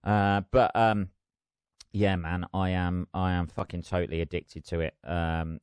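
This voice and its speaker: A man's voice: deep voice, steady tone, a little slow, smooth, dry recording. A middle-aged man hosting his own podcast, chatting in a rambling, sweary, self-mocking way. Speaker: podcast host. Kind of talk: casual solo podcast chat.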